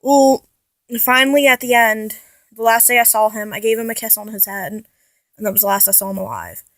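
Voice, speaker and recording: A woman's voice: on the high side, animated, fairly quick, a bit bright, no room sound. A young woman vlogging casually about her life, rambling and often correcting herself as she talks. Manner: rambling, restarts and self-corrections, chatty. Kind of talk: casual personal vlog.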